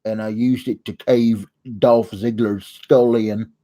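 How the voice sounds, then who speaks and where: A man's voice: fairly low pitch, fairly even intonation, slow pace, dark tone, voice pushed down. A man voicing a simple, folksy male wrestler with an exaggerated Southern drawl.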